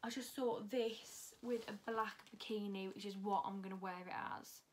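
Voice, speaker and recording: A woman's voice: mid-range voice, steady tone, normal speed, a little mellow, slight background noise. Chatty young woman vlogging. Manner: chatty and unfiltered, swears freely. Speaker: fashion vlogger. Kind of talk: casual haul chat.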